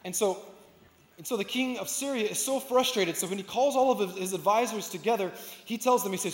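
A man's voice: high voice, fairly quick. A male pastor preaching a sermon, earnest and repeating phrases for emphasis. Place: church sanctuary. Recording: echoey hall.

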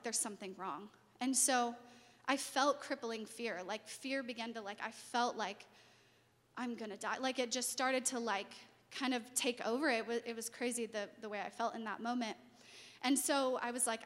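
High-voiced woman telling her story in a reverberant hall. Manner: animated storytelling, acts out quoted voices, laughs. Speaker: speaker sharing a testimony. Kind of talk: personal testimony talk.

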